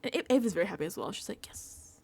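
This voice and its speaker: A young woman chatting casually about a reality show, animated, swearing freely and mimicking people in whiny pleading voices. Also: medium pitch, very fast, gravelly, slightly rough. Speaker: reality TV recap vlogger. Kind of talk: casual reaction chat.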